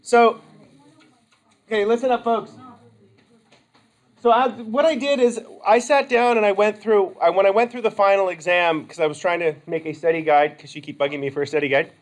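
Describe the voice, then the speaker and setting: Speaking at a moderate pace in a steady, fairly high voice, this male college instructor gives a loose, chatty lecture. He rambles and often cuts himself off mid-sentence, captured on a rough recording.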